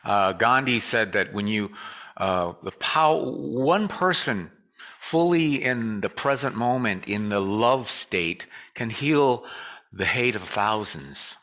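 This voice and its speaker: Bright-voiced man giving a lively casual sermon. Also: on the low side, slow pace. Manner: joking, conversational, leads call and response. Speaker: guest speaker. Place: church sanctuary.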